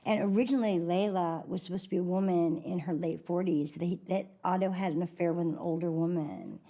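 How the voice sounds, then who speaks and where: A woman's voice: on the low side, steady tone, fairly quick, dark tone. A woman being interviewed, an actress chatting about a film role she played, with many likes and restarts. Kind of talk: interview reminiscence.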